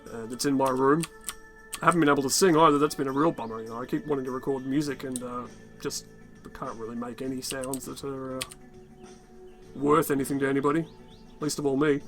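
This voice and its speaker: A man with a raspy, worn-out voice giving rambling, casual gameplay commentary, muttering to himself and swearing often. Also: medium pitch, a bit bright. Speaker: gaming channel host.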